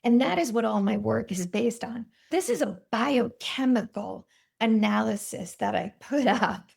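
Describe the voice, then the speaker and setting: Woman, 50s, cardiologist guest; very gravelly voice, lively storyteller. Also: on the high side. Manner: animated, vivid storytelling with quoted voices. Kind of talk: storytelling in a podcast interview.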